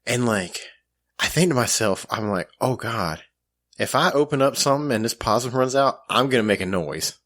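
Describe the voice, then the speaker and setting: A man's voice: medium pitch, expressive, moderate pace, a bit bright. A man co-hosting a podcast, telling a self-mocking story in casual chat with lots of fillers. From grew up in the country. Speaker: podcast co-host.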